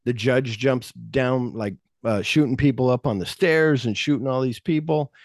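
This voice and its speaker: A man hosting a podcast, retelling a film script in a rambling, animated way and acting out bits of dialogue. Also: mid-range voice, moderate pace, dry recording, studio quality. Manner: rambling, animated plot retelling with acted-out quotes. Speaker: podcast host. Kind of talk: casual podcast chat.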